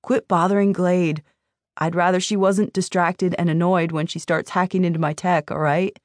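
A woman voicing a calm, lightly amused young man in a storybook reading. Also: fairly low pitch, moderate pace, no echo, studio quality, close to an everyday voice.

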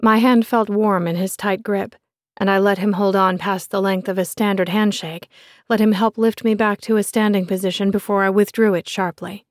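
A woman narrating a first-person romance novel in a measured, expressive reading voice on a close studio mic. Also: medium pitch, dry recording. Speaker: audiobook narrator.

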